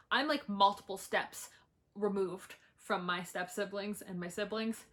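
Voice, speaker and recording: Brief: young woman, bright voice, blunt and sweary, frequent laughs, book-rant vlogger at home. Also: medium pitch, takes it slowly. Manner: blunt, sweary, laughs often, animated outbursts. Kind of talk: ranting book review.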